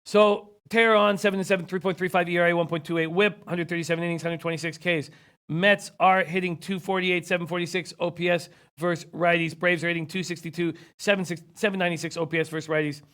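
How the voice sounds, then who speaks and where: A man's voice: high voice, level tone, fast talker, fairly bright tone. A man hosting a sports betting show, losing his voice, reading viewer comments and rattling off stats. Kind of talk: casual sports betting talk.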